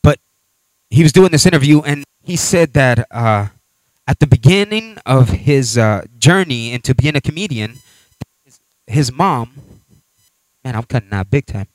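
A man's voice: medium pitch, lively intonation, measured pace, long pauses, dry recording, poor audio. A man pastor preaching a sermon, telling a story with repeated phrases and building to exhortation.

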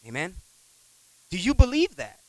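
Male preacher, storytelling sermon; swooping, lively pitch, conversational, calls for amen. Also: normal speed, no room sound, poor audio. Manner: animated, acts out voices in his stories; conversational, repeats words, asks amen.

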